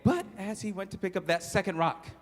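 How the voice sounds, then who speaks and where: A man's voice: high-pitched, a little fast, in a large hall. A man telling a children's story with sound effects and questions to the kids, ending in a short sermon. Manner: animated, sound effects, audience call-outs.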